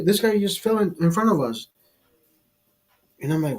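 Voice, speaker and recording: A man's voice: sits high, fairly quick, long pauses, darkish tone, husky. A man hosting a casual drinking livestream, telling a rambling, profane bar story to his viewers. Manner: profane, rambling anecdote teller. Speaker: livestream host.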